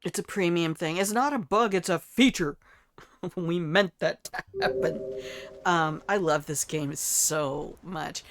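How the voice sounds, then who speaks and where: An older woman giving chatty, playful live-stream commentary while playing a game, joking at her own expense and talking to her viewers. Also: fairly low pitch. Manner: playful, chatty, self-mocking trash talk; talks to chat and the game character.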